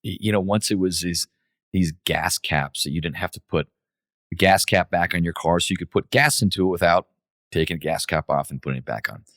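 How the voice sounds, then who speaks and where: A man with a very low voice speaks in an unhurried, reflective way, stopping and restarting as he recalls things. The sound is close and dry, with no room around it. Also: a bit bright, dry recording. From United States. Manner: many fillers and restarts, reflective. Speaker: guest, company CEO. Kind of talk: relaxed interview storytelling.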